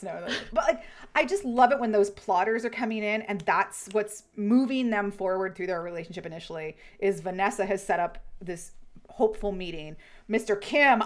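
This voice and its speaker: A woman co-hosting a podcast, chatting casually and retelling scenes with animated quoted lines. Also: mid-range voice. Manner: animated retelling with quoted voices, frequent swearing. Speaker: podcast co-host. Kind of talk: casual chat.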